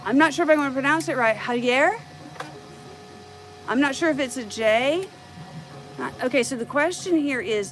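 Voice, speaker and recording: A woman's voice: a little high, a little hiss or hum, rough recording. Chatty woman with a light Southern lilt. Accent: light American Southern. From United States. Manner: chatty, thanks viewers and thinks aloud. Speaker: 3D printing streamer. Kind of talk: casual live stream chat.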